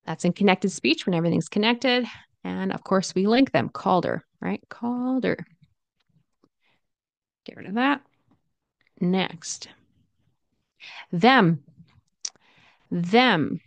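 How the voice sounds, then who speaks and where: A woman teaching English pronunciation, repeating example phrases slowly and then at natural speed. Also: mid-range voice, animated, vocal fry, no echo.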